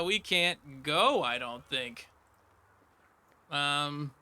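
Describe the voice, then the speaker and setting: Bright, high-voiced male game streamer. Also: normal speed, soft background music. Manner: excitable, breaks into laughter and shouts. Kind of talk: casual gameplay commentary.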